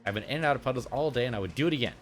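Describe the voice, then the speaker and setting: A man voicing a chatty male duck at a bar inside a joke, cheerful and rushed. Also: medium pitch, animated, soft background music, pitched above the performer's own voice, lightly acted.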